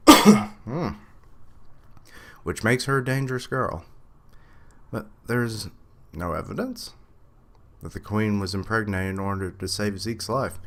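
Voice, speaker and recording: A man's voice: on the low side, fairly bright tone. A man giving live reaction commentary while reading a manga, thinking aloud and correcting himself as he goes. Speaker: reaction streamer.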